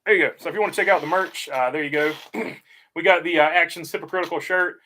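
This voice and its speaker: A man's voice: a little high, fast talker, pushed and bright, a little hiss or hum. Easygoing man hosting a livestream. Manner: frequent "uh" fillers, easygoing. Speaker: livestream host reading chat. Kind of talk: casual livestream chat.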